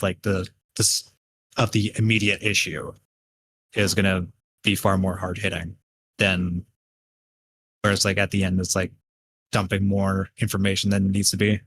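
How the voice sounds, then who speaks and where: A man's voice: sits low, little pitch movement, normal speed, long pauses, a bit bright, slight background noise. A man guesting on a livestream, talking casually with many hesitations and fillers. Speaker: guest commentary video maker.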